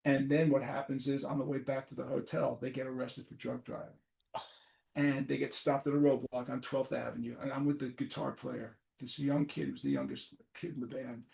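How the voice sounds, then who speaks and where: An older man from New York, the host, telling stories in a casual, animated way, swearing freely and acting out the people he quotes. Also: mid-range voice, normal speed, creaky. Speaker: podcast host. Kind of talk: casual storytelling. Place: apartment.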